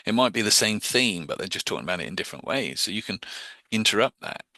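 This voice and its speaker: A man with a low voice that sounds very bright and forward explains hypnosis techniques to a group. His talk is informal and chatty, full of restarts and repeated words. The sound is dry and close, with no room around it. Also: expressive, fast, dry recording. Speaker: hypnosis teacher.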